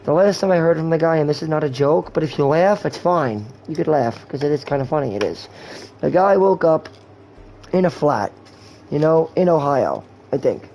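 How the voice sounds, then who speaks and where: A man's voice: fairly high pitch, expressive, moderate pace, a little mellow, a little hiss or hum, low-quality recording. A man in his twenties talking in a rambling, candid way and swearing often, while hosting a gaming livestream. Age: 20s. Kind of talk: rambling casual chat.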